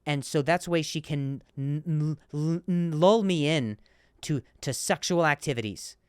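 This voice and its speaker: A man in his thirties with a stutter, hosting a comedy podcast and telling stories in animated, repetitive rants. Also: on the high side, unhurried, smooth, no echo, clean studio sound. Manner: stammers and repeats words, animated rants. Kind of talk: comedic monologue.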